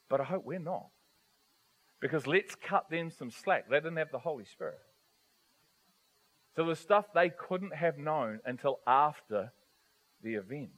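A man preaching a sermon to his congregation, animated, asking rhetorical questions and swinging from soft to loud. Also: on the high side, poor audio. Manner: animated, rhetorical questions, varies volume widely.

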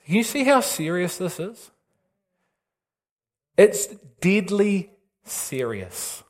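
A man's voice: sits high, big pitch swings, slow pace. A man preaching a sermon with urgent intensity and emphatic repetition.

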